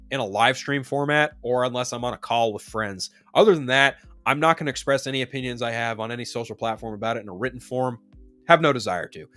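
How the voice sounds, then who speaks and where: A man streamer rants about movies in a casual, heavily profane way. His voice swings widely in pitch, the delivery is emphatic, and faint music plays behind him. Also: a bit bright. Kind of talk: casual movie news rant.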